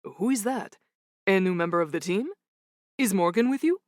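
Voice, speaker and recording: A woman playing a giggly, gentle hotel manager. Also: high-pitched, animated, moderate pace, dry recording, studio quality. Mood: excited. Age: middle-aged. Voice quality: gentle, soft voice. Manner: giggly and eager. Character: excitable middle-aged male hotel manager.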